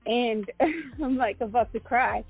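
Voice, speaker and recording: A woman's voice: on the high side, slow, breathy edge, faint music behind. Woman telling a long story over a tinny call. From Guatemala. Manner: rambling, many fillers and restarts. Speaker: guest entrepreneur. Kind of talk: interview storytelling.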